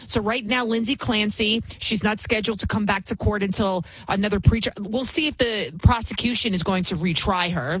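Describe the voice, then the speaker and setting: Heated woman host, husky and dry. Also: mid-range voice, no echo. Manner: heated, emphatic, repeats for emphasis. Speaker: show host. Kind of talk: opinionated commentary.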